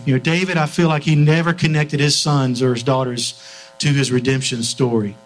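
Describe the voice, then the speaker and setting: Earnest middle-aged preacher, higher voice. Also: male voice, a little hiss or hum, rough recording. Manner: earnest storytelling, frequent restarts. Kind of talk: sermon. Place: church.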